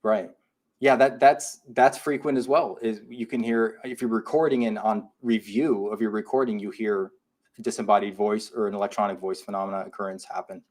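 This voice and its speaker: A man's voice: fairly low pitch, steady tone, brisk, a little mellow. A man co-hosting a live podcast, reading listener comments aloud and reacting to them. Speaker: podcast co-host. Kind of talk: casual live podcast chat.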